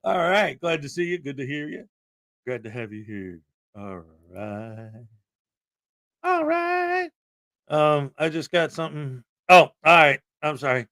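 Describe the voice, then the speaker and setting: A man's voice: on the high side, unhurried. A man hosting a livestream from his home desk, chatting casually, joking and reading out viewer donations. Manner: playful, joking, sometimes shouting excitedly. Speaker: livestream host. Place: small crammed home desk setup.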